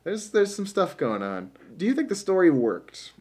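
Man, podcast co-host, casual movie chat, animated, joking, slightly high voice. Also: moderate pace, slightly rough. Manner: animated, laughs often, jokey asides.

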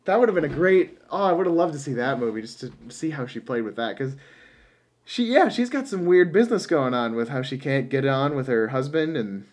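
A man's voice: mid-range voice, animated, a little fast, darkish tone. A man co-hosting a podcast, chatting casually about a film and thinking aloud as he goes. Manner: musing, trails off and restarts. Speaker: podcast co-host.

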